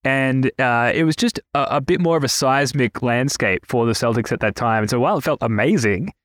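A man hosting a sports podcast in casual chat, animated and a bit self-aware. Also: medium pitch, brisk, no echo. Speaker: podcast host.

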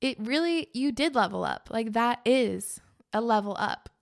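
A woman's voice: a little high, expressive, moderate pace, vocal fry. A woman hosting a podcast in casual, earnest chat, gushing and full of filler words. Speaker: podcast host.

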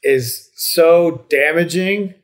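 A man's voice: on the high side, extremely slow. A man in casual podcast chat, talking in a reflective, rambling way with many restarts and fillers.

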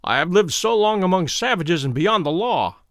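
A man voicing a fierce, imposing middle-aged explorer in a deep, gruff storybook voice. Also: animated, normal speed, fairly bright tone, dry recording, studio quality. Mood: menacing.

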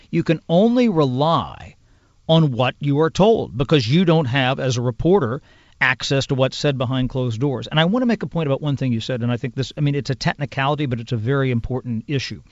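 A man who is a congressional news producer, explaining in a measured, detailed way as a podcast guest. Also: mid-range voice, expressive, no echo. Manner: measured, explanatory, piles up clauses and examples. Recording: dull lo-fi sound.

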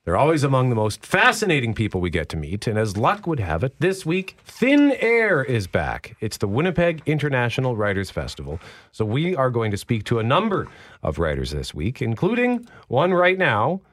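Radio host guy, bouncy pitch, playful and chatty. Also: huge pitch swings, normal speed, a bit bright. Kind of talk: morning radio chat.

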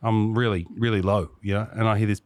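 A man's voice: on the low side, quick pace, no echo. An Australian man hosting a podcast, telling a story in casual chat and acting out the voices of the people in it. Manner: animated yarn-spinning with voiced quotes. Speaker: podcast host.

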